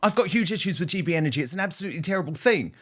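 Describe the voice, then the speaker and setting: A man's voice: high voice, lively intonation, racing. Scornful male political host. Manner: scornful, mocking, punchy. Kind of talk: opinionated political commentary.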